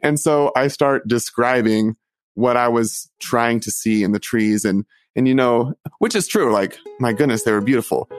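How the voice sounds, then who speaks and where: A young man earnestly telling a personal story, halting often and restarting his sentences. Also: medium pitch, faint music behind. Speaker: storyteller recounting his coming out.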